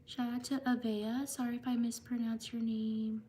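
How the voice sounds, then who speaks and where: A woman hosting a live stream, slowly reading out viewers' names with thanks, at times slipping into a soft whisper. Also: fairly high pitch, flat delivery, a little hiss or hum. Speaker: livestream host. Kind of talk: live stream shout-outs.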